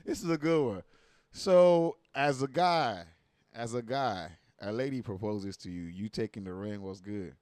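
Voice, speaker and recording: A man giving casual reaction commentary, animated and profane, full of slang and repeated asides like "you know what I mean.". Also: mid-range voice, a little slow, no echo.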